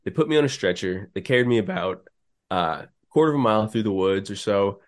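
A young man guest on a podcast, telling a personal story in a relaxed way with many fillers. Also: on the low side, a little fast. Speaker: podcast guest, business co-founder. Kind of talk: casual storytelling interview.

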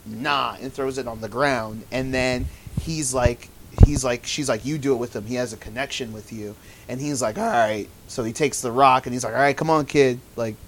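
A man in casual chat, retelling show scenes with lively acted-out quotes and some swearing. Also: medium pitch, normal speed, slight background noise.

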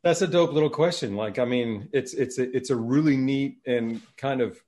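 A man's voice: medium pitch, moderate pace, darkish tone. A man in casual conversation, laid-back, swearing freely and laughing often. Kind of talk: casual chat.

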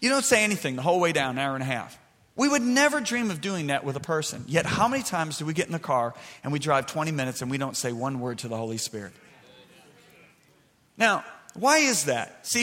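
A man preaching a sermon in a church, animated and building to shouts. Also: on the high side, in a large hall.

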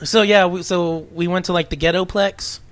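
A woman's voice: fairly low pitch, fairly even intonation, normal speed. A woman hosting a podcast, talking casually in a rambling way with many fillers. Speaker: podcast host. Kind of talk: casual chat.

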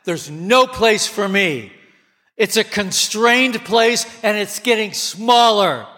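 A man preaching a sermon with passion, his voice climbing to near shouts at times. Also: high-pitched, lively intonation, slow pace. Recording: long hall reverb.

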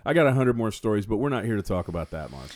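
In a dry recording, the Florida co-host talks very fast with a voice on the low side. He tells an animated story for the podcast's casual chat, acting out the dialogue of both people involved.

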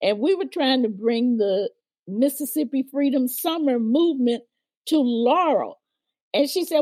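A woman's voice: fairly high pitch, lively intonation, normal speed, a little mellow, no echo. An older woman, a guest on an interview, vividly recounting her past and acting out the people she quotes. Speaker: guest, former civil rights organizer. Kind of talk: storytelling interview.

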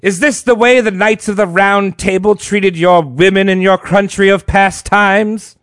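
A man's voice: high voice, fairly even intonation, measured pace, a bit bright, clean tone, no echo, studio quality. A man voicing a sneering royal ambassador in a put-on French accent, mocking and insulting.

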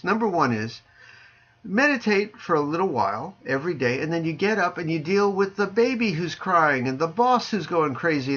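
A man who teaches Zen, chatting casually on a podcast over a video call, joking dryly and dropping his voice low on punchlines. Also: a bit bright, highs cut off. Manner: dry joking, playful sing-song delivery, drops low on punchlines. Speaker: Zen teacher answering listener questions.

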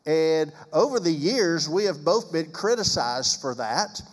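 Male pastor with a slightly high voice and an emphatic, sarcastic delivery, recorded with long reverb. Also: lively intonation, unhurried. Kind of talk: preaching-style talk on marriage.

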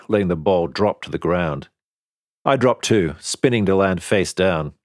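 A man narrating a science fiction story in the first person, in a steady storytelling manner. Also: low voice, no room sound, clean studio sound. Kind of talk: audiobook narration.

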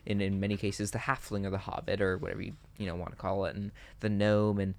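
Low-voiced man musing about worldbuilding. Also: little pitch movement, quick pace, vocal fry, a little mellow, no echo. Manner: musing, filler-heavy, trailing restarts. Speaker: podcast co-host. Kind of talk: casual chat about tabletop game worldbuilding.

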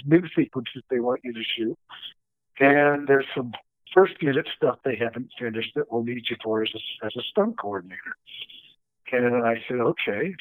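A man telling stories from his career as a stunt coordinator, animated and acting out the dialogue he quotes. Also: mid-range voice, no echo. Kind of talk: storytelling interview. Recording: dry, tinny phone-like line.

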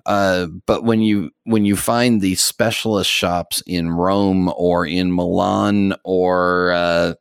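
An American man hosting a podcast, chatting in a relaxed, rambling way with fillers and soft laughs. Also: low voice, slow, vocal fry, few pauses, smooth, dry recording, studio quality. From United States. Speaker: podcast host. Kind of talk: casual chat.

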